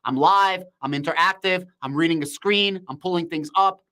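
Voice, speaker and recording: A man hosting a live stream, shouting with excitement in casual slang and answering viewers' comments. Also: a little high, normal speed. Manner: shouting, hyped, slangy, reads chat aloud.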